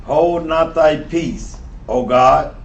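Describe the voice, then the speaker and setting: A man reading Bible verses out loud slowly and carefully during a street class. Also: on the high side, creaky, lo-fi sound, slight background noise. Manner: slow, careful reading out loud with short agreements. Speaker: scripture reader in the class. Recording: roomy, distant mic.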